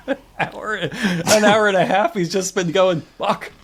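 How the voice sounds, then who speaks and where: A man's voice: high voice, fairly even intonation, unhurried, gravelly, fairly bright tone, slightly rough. A man co-hosting a comedy podcast, recapping a show in casual chat with wry exasperation and little acted-out quotes. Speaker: podcast co-host.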